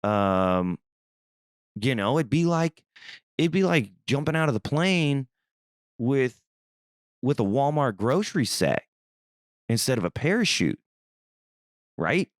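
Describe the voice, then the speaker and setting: A young man from Missouri hosting a podcast, telling a rambling, animated story in a casual, swearing manner. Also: mid-range voice, slow pace, long pauses, no echo, clean studio sound. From Missouri, USA. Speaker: podcast host.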